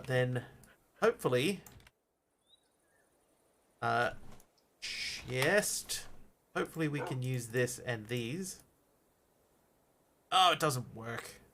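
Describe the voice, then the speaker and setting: A man's voice: mid-range voice, vocal fry, bright, forceful tone. A man streaming a game live, chatting casually, thinking aloud and answering his viewers as he plays.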